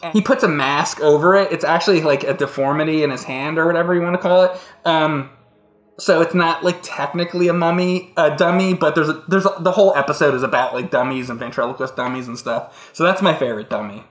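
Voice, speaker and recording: A man's voice: a little high, quick pace. A man co-hosting a casual chat, telling rambling stories with laughs and acted-out voices. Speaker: co-host. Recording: roomy echo.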